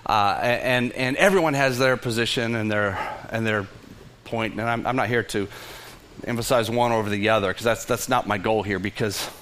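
A middle-aged man with a Texan accent, preaching a sermon as pastor, passionate and animated, with frequent restarts. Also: fairly low pitch, moderate pace, slight background noise.

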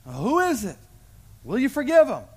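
A man's voice: extremely high pitch, moderate pace, slightly rough. A male pastor preaching a sermon and acting out the voices of a parable as he tells it. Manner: animated storyteller, acts out voices in the parable. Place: church sanctuary.

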